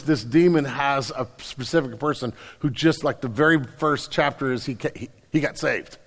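A man preaching a sermon in a church, animated, repeating phrases and putting questions to the congregation. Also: a little high, in a large hall. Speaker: pastor. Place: church hall.

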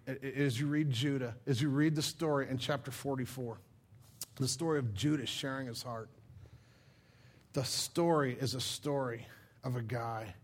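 A man preaching a sermon, retelling a Bible story in a lively, casual way and acting out the characters' lines. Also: mid-range voice, husky.

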